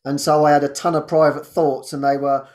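A man, hosting and telling a personal testimony in an animated way, laughing often and restarting his sentences. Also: a little high, brisk. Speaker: host.

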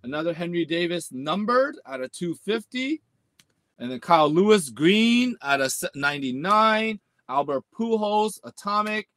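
A man hosting a live sports card break stream. He talks in slangy bursts, groans and shouts at the pulls, and rattles off the hits in a list. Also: high voice, animated, normal speed, no room sound. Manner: slangy, repeats "man" and "let's go".

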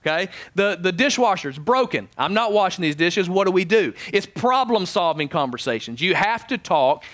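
A man preaching a sermon as pastor, animated in his stories and dropping soft and low for prayer. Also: moderate pace, no echo. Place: church sanctuary.

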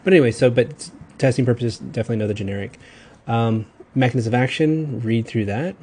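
A man from Texas with a Southern accent gives a recorded pharmacology lecture, casual and rambling, with quick self-corrections. His voice is mid-range, dark, and husky.

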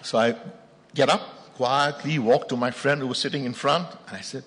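A man with an Indian accent preaching a sermon as pastor, telling stories emphatically and rising to loud bursts. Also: mid-range voice, normal speed. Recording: long reverb of a large hall.

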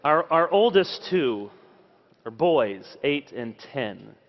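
A man in his thirties preaching at a conference, telling a family story with animated delivery and acting out his children's words. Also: medium pitch, slow pace, in a large hall, highs cut off. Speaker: pastor. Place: large conference hall.

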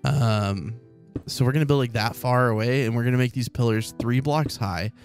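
A man's voice: mid-range voice, normal speed. A man from Oklahoma hosting a let's play, chatting casually as he thinks aloud in a rambling, upbeat way. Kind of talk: casual gameplay commentary. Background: faint calm background music.

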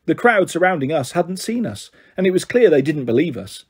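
A man reading a children's novel aloud in steady first-person narration, giving voices to the characters. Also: fairly high pitch, brisk, breathy edge. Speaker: storyteller.

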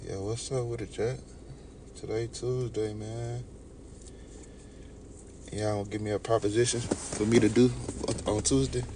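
Fresh out of bed and drinking coffee, a young Texan talks easily with his stream's chat, addressing people by name. His voice is on the low side and level in tone, a bit slow with long pauses, and there's background noise.

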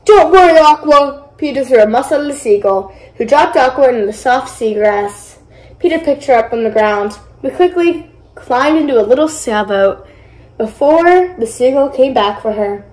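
Young woman, children's read-aloud, high voice, lively, echoey room. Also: moderate pace. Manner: lively, voices characters with excited high exclamations. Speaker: storybook reader.

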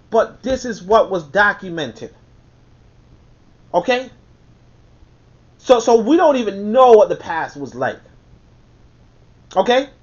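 A man commenting on a book he reads aloud, talking emphatically and repeating his key points. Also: high voice. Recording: dull lo-fi recording.

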